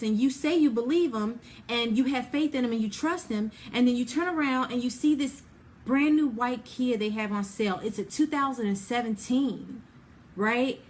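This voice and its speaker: A female Bible teacher gives an informal lesson in chatty, everyday speech packed with "you know" and "like," acting out everyday scenes with quoted dialogue. Her voice runs on the high side, with slight background noise.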